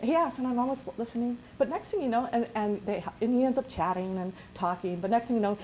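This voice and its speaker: A woman business coach gives a workshop presentation in a classroom, talking fast in a slightly high, mellow voice with a little hiss or hum on the recording. Her delivery is chatty and rambling, full of restarts and quoted asides.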